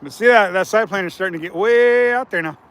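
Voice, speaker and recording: A man's voice: high-pitched, fast, a bit bright, clear, resonant tone. A man hosting a casual fishing livestream from outdoors by a river, chatting with viewers and laughing often.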